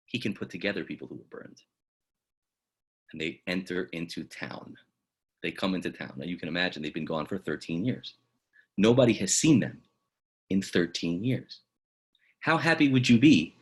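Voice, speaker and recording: A man, a rabbi, teaching a lesson through dramatic storytelling that swings from loud exclamations to hushed asides. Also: mid-range voice, husky.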